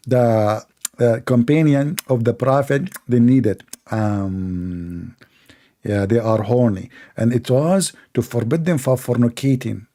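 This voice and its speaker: A man hosting a live call-in debate stream, talking in a heated, mocking way, his voice hoarse from shouting. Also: mid-range voice.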